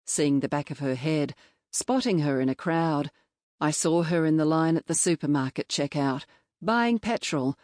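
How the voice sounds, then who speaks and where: Woman audiobook narrator, low voice, measured and reflective, dry close-miked studio sound. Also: a little mellow, dry recording. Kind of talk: scripted first-person novel narration. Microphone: close studio mic.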